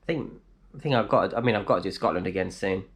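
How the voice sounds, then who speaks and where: A man chatting casually on a live stream from his flat, reading out viewers' comments and answering them. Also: sits low, racing. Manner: chatty, reads out comments and replies, laughs easily. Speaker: vlogger answering live chat. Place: indoors in a flat.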